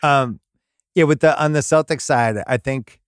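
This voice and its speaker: A male podcast host chatting casually about sports, his voice sitting at an average pitch. He rambles and gets excited, and the recording is dry with no room sound. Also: normal speed, smooth, dry recording. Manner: rambling, excitable, breaks into laughs.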